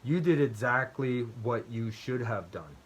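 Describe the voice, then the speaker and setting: A man's voice: medium pitch, animated, unhurried, slightly rough. A man hosting a strategy game channel, explaining play in a chatty, self-deprecating way with personal stories, often ending his points with "right?" and repeating phrases for emphasis.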